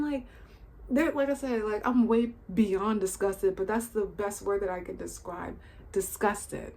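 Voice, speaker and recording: A woman's voice: medium pitch, measured pace, creaky, a little mellow. A woman hosting a commentary channel, ranting in an outraged, casual monologue full of exclaimed rhetorical questions and slang.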